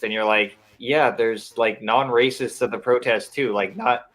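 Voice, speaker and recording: A man with a mid-pitched voice talking in a casual podcast chat. He retells what he has seen with a wry, sarcastic edge. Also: fairly even intonation, moderate pace, few pauses, pushed and bright, rough recording. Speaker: podcast co-host.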